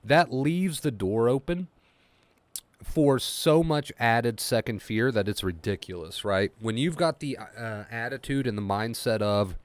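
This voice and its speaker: A man's voice: medium pitch, unhurried, no room sound. A man coaching people through anxiety recovery in a solo talk, speaking emphatically and repeating himself as he acts out anxious inner thoughts in quotes. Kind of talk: solo motivational talk to camera.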